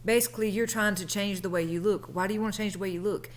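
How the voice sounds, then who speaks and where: Woman imitating a slow, gentle male school counselor. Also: mid-range voice, steady tone, close to an everyday voice. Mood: soothing. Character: calm male school guidance counselor, patient.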